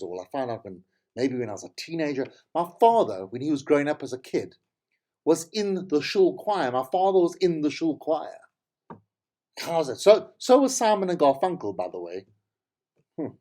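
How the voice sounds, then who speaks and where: A man's voice: fairly high pitch, mellow. A middle-aged man with a South African accent, telling rambling, tangential stories as a podcast host. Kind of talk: casual monologue.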